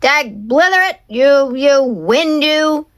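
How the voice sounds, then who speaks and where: A woman reading a storybook aloud and voicing a small, lovelorn man who wants to be a cowboy, calling out in high, dramatic pleas. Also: very animated, a little slow, a bit bright, full character voice. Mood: anguished. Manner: high, pleading, dramatic calls. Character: lovelorn little male would-be cowboy.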